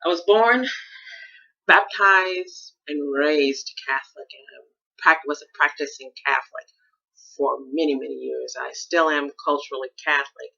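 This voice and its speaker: A woman's voice: low-pitched, normal speed, vocal fry, sharp tone, dull audio. A middle-aged woman from Chicago, hosting a reflective personal monologue in a thoughtful, searching way with restarts and stressed words. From Chicago, USA. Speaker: podcast host.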